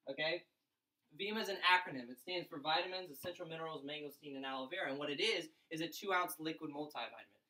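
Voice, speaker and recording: A young man telling his story and pitching to a room of college students, excited and fast, acting out other people's lines. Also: echoey room, recorded from a distance, low-quality recording. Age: young adult. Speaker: event speaker. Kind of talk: energetic pitch talk to a crowd.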